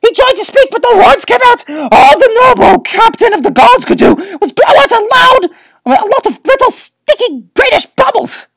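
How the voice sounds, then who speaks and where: High, gravelly woman reading a story. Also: sing-song, moderate pace, a bit bright, dry recording. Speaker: reader. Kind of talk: reading a picture book aloud.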